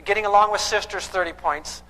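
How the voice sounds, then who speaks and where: Male parenting counselor, lecture style, bright and high, emphatic, echoey hall. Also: fairly even intonation, a little fast. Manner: emphatic, quizzes the audience with repeated questions. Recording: echoey hall with long reverb.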